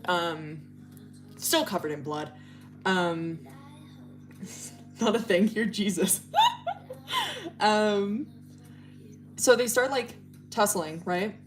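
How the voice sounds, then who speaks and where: A woman's voice: mid-range voice, slow pace, pauses often, soft background music. A woman livestreamer casually retelling a story, rambling with lots of fillers and swearing. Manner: rambling, full of fillers and profanity.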